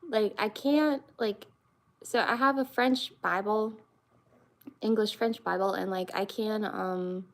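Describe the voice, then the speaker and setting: A young woman with a soft lilt talks to her live-stream audience at an unhurried pace. Her voice carries a gravelly fry, and she rambles through her stories with plenty of "like" and "um.". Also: medium pitch, steady tone. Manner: rambling, many fillers and restarts. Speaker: streamer chatting with viewers. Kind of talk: casual live-stream chat.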